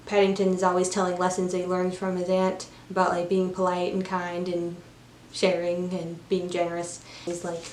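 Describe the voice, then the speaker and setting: A woman's voice: fairly low pitch, completely flat delivery, moderate pace, a little mellow. A woman reviewing a film, retelling its plot in a chatty, casual way with lots of fillers. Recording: roomy room, faint background noise.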